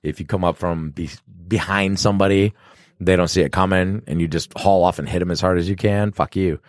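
A man's voice: sits low, steady tone, fairly quick, no room sound. A man co-hosting a casual podcast, talking bluntly with lots of swearing and chewing snacks near the microphone. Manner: blunt and profane, chewing snacks close to the mic. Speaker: podcast co-host, bartender. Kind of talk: casual chat. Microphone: studio microphone.

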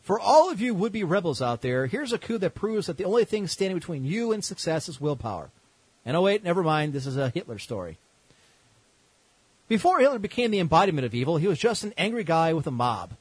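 A man's voice: high voice, very animated, a little fast, slightly rough, dry recording, rough recording. A man hosting a podcast, telling history as comedy with sarcastic, irreverent asides. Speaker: podcast host.

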